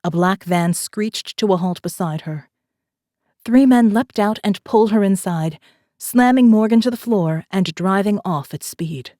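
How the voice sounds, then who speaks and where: A woman narrating a thriller audiobook in a steady, measured storytelling voice, recorded on a close studio mic. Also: medium pitch, no echo. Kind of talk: scripted narration.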